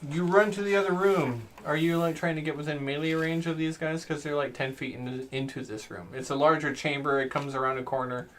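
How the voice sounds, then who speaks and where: A man narrating as game master, reading monster lore aloud with animated delivery and frequent laughs. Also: on the high side, fairly quick, few pauses, a little hiss or hum.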